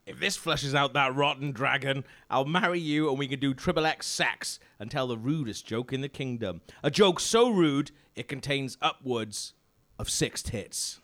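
Guy doing a cocky panto prince, bouncy lively voice. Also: medium pitch, moderate pace. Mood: boastful. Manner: grandstanding and cheeky. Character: boastful heroic pantomime prince. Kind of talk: comedy sketch.

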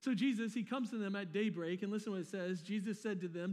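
A man's voice: high-pitched, fast, darkish tone. A pastor preaching a sermon in a casual, conversational way, with slangy asides and words he often repeats. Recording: long reverb of a large hall.

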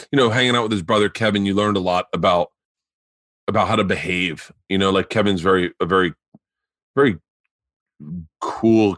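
A man's voice: on the low side, no echo. A middle-aged man hosting a podcast in casual chat, telling stories animatedly, swearing and laughing. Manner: animated storyteller, acts out voices, laughs hard, swears. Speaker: podcast host.

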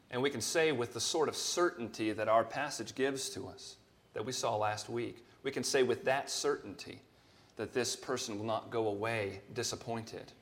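A pastor delivering a Sunday sermon in a plain, mid-pitched male voice. He speaks earnestly and at a measured pace, lifting his voice to stress quoted scripture. The delivery sounds steady and unhurried. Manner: earnest preaching, rising in emphasis on quoted scripture.

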